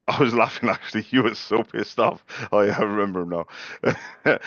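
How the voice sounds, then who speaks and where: Gravelly low-voiced young man, stammering. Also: fairly even intonation, normal speed, a bit bright, no echo, highs cut off. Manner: stammering restarts, chatty and polite. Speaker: small business owner making sales calls. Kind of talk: casual vlog with live phone calls.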